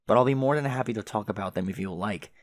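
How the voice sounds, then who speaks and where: A man voicing a patient, nerdy teenage girl who explains things calmly. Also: lowish voice, fast talker, no echo, clean studio sound, lightly acted. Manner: calm, explaining.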